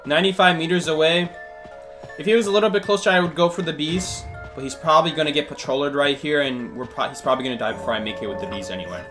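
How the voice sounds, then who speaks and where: A man with a slightly high voice streams himself playing, thinking aloud and answering chat questions as he goes. He talks in loose, searching sentences full of fillers and restarts. Faint game music plays underneath. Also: fast. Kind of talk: live gameplay commentary.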